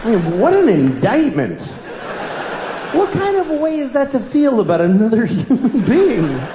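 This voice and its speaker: A middle-aged man performs a stand-up comedy set before a live audience, telling rambling, self-deprecating stories. His voice is very high with huge pitch swings at normal speed, recorded in a roomy venue with crowd noise.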